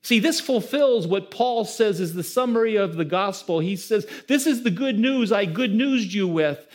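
A man's voice: sits high, lively intonation, moderate pace, darkish tone. A man preaching a sermon as pastor, asking the congregation questions and building emphasis.

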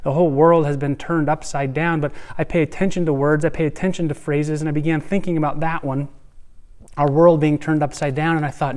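An earnest pastor in his thirties with a slightly higher voice delivers a sermon. He sinks into hushed, soft phrases and then climbs to forceful emphasis. His preaching keeps a steady, heartfelt pull. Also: a little fast. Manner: earnest, swings between soft hushed lines and rising emphasis.

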